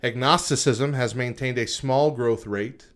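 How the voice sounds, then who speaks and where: A man co-hosting a casual podcast, reading statistics from a list with frequent pauses and adding informal comments. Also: mid-range voice. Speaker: podcast co-host.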